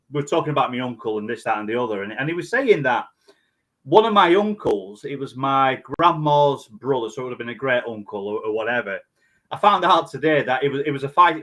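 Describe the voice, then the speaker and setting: A man's voice: medium pitch, a bit bright. A man co-hosting a casual podcast, telling stories in a rambling way with many restarts. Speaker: podcast co-host. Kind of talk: casual chat.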